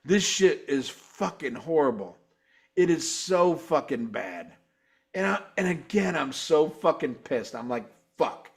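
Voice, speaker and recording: A man with a high-pitched speaking voice hosts a live talk show and reviews a concert in a profane rant. He sounds exasperated and swears in nearly every line, and he breaks into loud mocking imitations of singers and guitars. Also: animated, measured pace, breathy edge. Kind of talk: profane ranting commentary.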